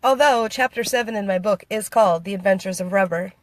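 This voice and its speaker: A woman's voice: mid-range voice, fairly quick. An American woman vlogging casually, reading viewer comments in a playful, giggly way and laughing often. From United States.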